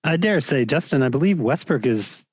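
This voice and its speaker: A man's voice: medium pitch, animated, moderate pace, husky, no echo. A man co-hosting a casual beer podcast, tossing in wry remarks. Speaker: podcast co-host. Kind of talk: casual beer-tasting chat.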